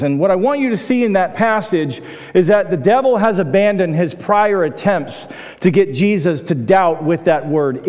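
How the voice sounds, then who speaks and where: A man preaching a sermon in a relaxed, conversational way, with a voice pitched a little high for a man. He tells stories with frequent restarts, and his voice rings with a long reverb as if in a large church hall. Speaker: pastor.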